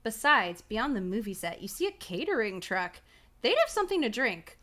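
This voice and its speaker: A woman's voice: a little high, very animated, normal speed, fairly bright tone. A woman livestream host reading a choose-your-own-adventure book aloud, playful, laughing often and casually swearing. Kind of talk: reading aloud with live commentary.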